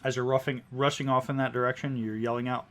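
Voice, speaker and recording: A man's voice: medium pitch, flat delivery. Man narrating as game master. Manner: unhurried, descriptive, many fillers.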